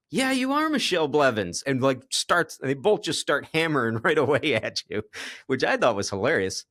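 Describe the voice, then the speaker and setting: A man hosting a casual interview, telling a story in a relaxed way and laughing at his own anecdote. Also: medium pitch, no echo, clean studio sound. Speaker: podcast host.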